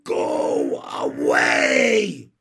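A man's voice: lowish voice, huge pitch swings, drawn-out words, gravelly, fairly bright tone, shouting, pitched below the performer's own voice, exaggerated voice. A man voicing a stubborn, fierce little kindergarten girl who snaps defiantly. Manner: defiant, snapping.

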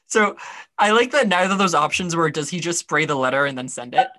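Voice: mid-range voice, lively intonation, brisk, over a noisy crowd. A podcast co-host chatting casually about a TV episode, rambling with lots of fillers and wry asides.

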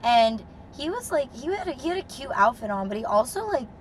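A young woman telling a dating story as a podcast co-host, animated and swearing freely, with lots of "like". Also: high-pitched, fairly quick, slight background noise. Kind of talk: casual storytelling chat.

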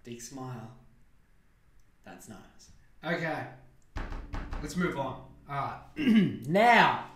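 A man's voice: on the high side, big pitch swings, drawn-out words, long pauses, noisy background. A young Australian man hosting a casual solo podcast, sarcastic and profane, wandering into rambling asides. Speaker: podcast host. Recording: echoey room.

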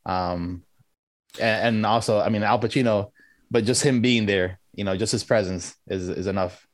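A man's voice: fairly low pitch, steady tone, moderate pace, no room sound. A man co-hosting a casual movie review podcast, talking hesitantly with many restarts. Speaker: podcast co-host.

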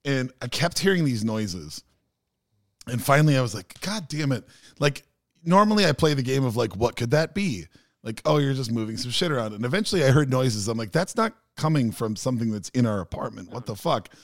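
Guy hosting a podcast, mid pitch voice, dry close sound, acts out everyone in his stories. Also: a little fast, no echo. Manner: animated storyteller who acts out quoted people. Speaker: podcast host. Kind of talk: casual chat.

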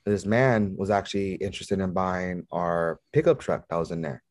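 Brief: man, low voice, dry close sound, blunt cursing storyteller, halting. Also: no room sound. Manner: profane, rambling, halting retelling. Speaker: guest. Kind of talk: casual storytelling.

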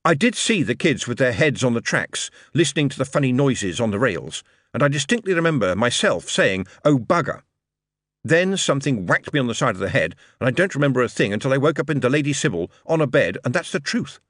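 Glib male con-man charmer, voiced by a male narrator. Emphatic, theatrical, lively swoops. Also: medium pitch, brisk, no echo, clean studio sound. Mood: earnest. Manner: persuasive, theatrical, raised and emphatic.

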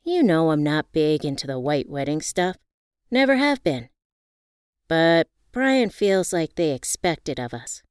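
Woman voicing a confident glamorous best friend, upbeat and affectionate, lively lilting delivery, dry close sound. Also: sits low, unhurried, smooth, no room sound. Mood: candid.

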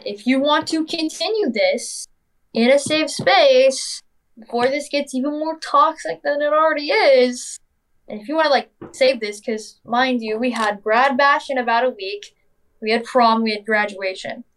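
A young woman telling a personal story in a casual, chatty way, full of "like" and "literally", acting out what people said. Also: on the high side. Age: young adult. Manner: acts out quoted dialogue.

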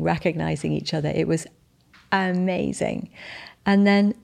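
Woman, podcast host; low voice with gravelly fry, earnest faith testimony, heartfelt and halting. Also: little pitch movement, a little mellow. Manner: earnest, heartfelt storytelling with frequent restarts.

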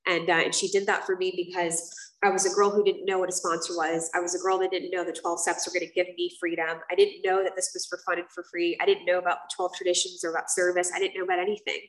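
A woman speaks candidly to a meeting room, telling her own story in a loose, casual way with plenty of "um" and "like." Her voice sits fairly low and the mic catches her from some distance, so it sounds roomy and echoey. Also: level tone, fast talker. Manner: casual and candid, frequent fillers and swearing. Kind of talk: personal testimony to a live group.

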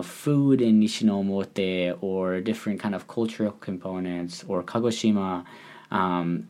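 A man hosting a casual solo podcast, a little hoarse from a recent cold, rambling with many fillers and restarts. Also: low voice, a little mellow. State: recovering from a cold, slightly hoarse. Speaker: podcast host. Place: living in Japan.

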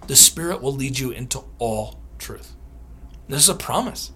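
A man, a theologian and author, answering podcast interview questions with lively storytelling, often laughing and acting out what others said. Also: mid-range voice, normal speed, a little hiss or hum. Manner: animated, laughs often, acts out quotes.

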